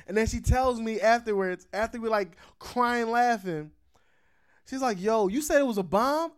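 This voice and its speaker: A man hosting a podcast, telling a story in casual chat, animated and swearing, laughing often. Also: very high-pitched. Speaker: podcast host.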